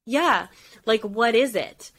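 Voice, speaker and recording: A woman's voice: a little high, animated, slow, a bit bright. A woman co-hosting a casual chat about a dating show, talking emphatically and firing off rhetorical questions. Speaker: podcast co-host.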